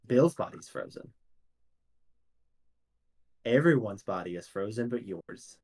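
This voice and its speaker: Slow-talking male game master. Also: on the low side, animated, a little mellow, slightly rough. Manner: measured, descriptive. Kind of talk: narrating a tabletop game.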